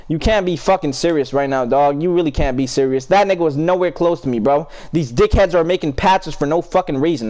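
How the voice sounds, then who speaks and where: A young man with a fairly high voice calls out teammates mid-game in heated, cursing trash talk. Between plays he greets his chat and answers viewers, still swearing through it. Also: darkish tone. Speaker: streamer. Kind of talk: live gameplay commentary and chat talk.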